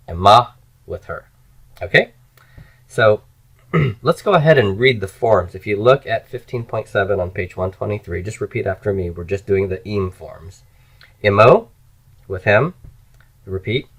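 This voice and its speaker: A man's voice: fairly low pitch, moderate pace, poor audio. A man teaching Hebrew grammar in a recorded lecture, explaining step by step and chanting word forms for students to repeat.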